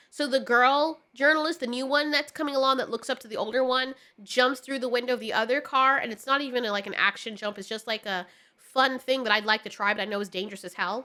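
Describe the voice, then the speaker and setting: A woman's voice: high-pitched, sharp tone. A woman giving a ranting casual film review, exasperated and sarcastic, swearing often. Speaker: movie reviewer.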